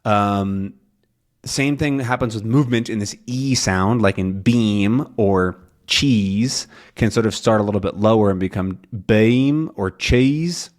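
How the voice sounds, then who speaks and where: A man teaching English in a relaxed, casual way, thinking aloud with many ums and pausing to slowly demonstrate vowel sounds. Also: on the low side. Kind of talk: casual explanatory lesson.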